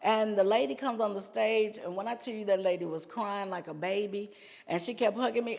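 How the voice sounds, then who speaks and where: Woman podcast guest, lively storyteller, laughs often, mid-pitched, long hall reverb. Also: brisk, vocal fry. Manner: animated storyteller, laughs often, says "y'all". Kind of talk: personal storytelling.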